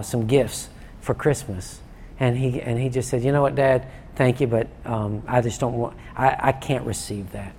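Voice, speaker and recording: A man preaching a sermon in a conversational way, often restarting and stammering, warming up as he goes. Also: mid-range voice, a little hiss or hum. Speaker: pastor.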